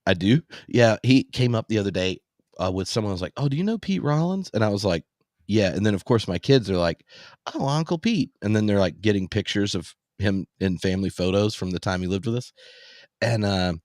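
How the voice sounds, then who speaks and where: Low-voiced man telling anecdotes. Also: fairly quick, no echo, clean studio sound. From US South. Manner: storytelling, animated anecdotes. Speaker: podcast host. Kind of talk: casual chat.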